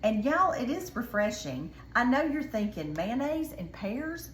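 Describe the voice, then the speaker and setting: A woman's voice: fairly high pitch, big pitch swings, unhurried, echoey room, a little hiss or hum. A woman with a Southern US accent hosting a casual cooking video, chatting to viewers in a folksy way. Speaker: cooking show host.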